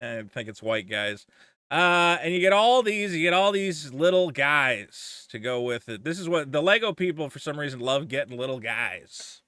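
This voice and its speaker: A man riffing in casual commentary, cursing freely and wandering between thoughts. His voice sits a little high and swings widely in pitch, with a bright edge. The sound is dry and close. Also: moderate pace, clean tone, no room sound. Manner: profane, rambling, animated. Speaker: commentary vlogger.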